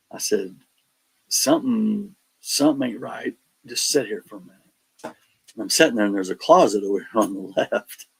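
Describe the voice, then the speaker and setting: A paranormal investigator guesting on a podcast tells stories casually in a gravelly, husky, lowish male voice. He's an animated storyteller who acts out quotes and laughs between lines, and the recording quality is low.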